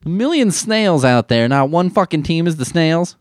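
A man's voice: fairly high pitch, expressive, moderate pace, no room sound. Sarcastic, rambling man, dry sound. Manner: rambling, sarcastic, swears often. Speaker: comedian. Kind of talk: profane comedic riffing.

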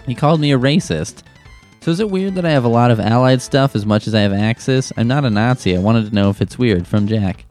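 A man's voice: medium pitch, a little fast, darkish tone, faint music behind. A young man hosting a comedic advice show, answering letters with sarcastic, profane rants. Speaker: advice-column host.

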